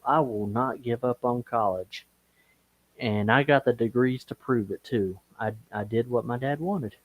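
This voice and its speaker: A man on a live stream call, telling a personal story slowly and with feeling. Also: medium pitch, dry recording, lo-fi sound. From Okeechobee, Florida. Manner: slow, emotional storytelling, breaks into singing gospel and country songs. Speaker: guest.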